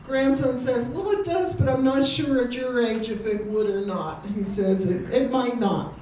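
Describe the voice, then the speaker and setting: A woman's voice: a little high, steady tone, measured pace, warm tone, slight background noise. Older woman telling jokes in an echoey hall. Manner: easygoing, anecdotal joke delivery. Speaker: amateur stand-up comedian. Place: community hall with an audience. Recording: echoey hall, distant room mic.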